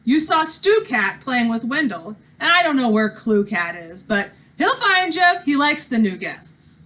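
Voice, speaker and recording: A woman's voice: high-pitched, very animated, measured pace, a bit bright, recorded from a distance, heavily acted, low-quality recording. A woman voicing a motherly older housekeeper, kind but secretive, in a read-aloud storybook. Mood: kindly.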